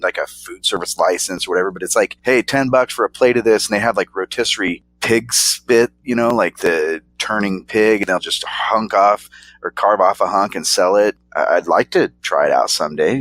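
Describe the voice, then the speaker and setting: A man's voice: on the low side, a bit bright. A man co-hosting a casual snack-review podcast, talking in a laid-back, rambling way and chuckling often. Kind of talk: casual chat.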